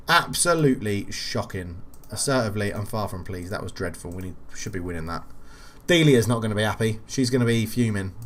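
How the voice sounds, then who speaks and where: A young man commentating on his own football management game, casual and quick to rant and swear when frustrated. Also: mid-range voice. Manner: exasperated, ranting at the game, swears. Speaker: gaming channel host.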